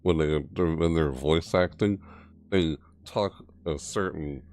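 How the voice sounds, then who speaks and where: Male streamer with an extremely deep, throaty voice, rambling and self-interrupting as he chats. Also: slow pace, a little mellow. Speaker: streamer reacting to game news. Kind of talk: casual live-stream chat.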